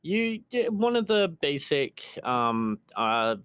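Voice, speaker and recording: A man running a tabletop game as game master over voice chat, halting and full of restarts. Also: on the high side, big pitch swings, fairly bright tone, clean tone, no room sound, studio quality.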